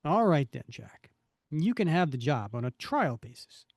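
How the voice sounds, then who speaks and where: A man's voice: a little high, very animated, moderate pace, dry recording, clean studio sound. A man voicing a formal, fatherly, middle-aged male store manager in a comic book reading.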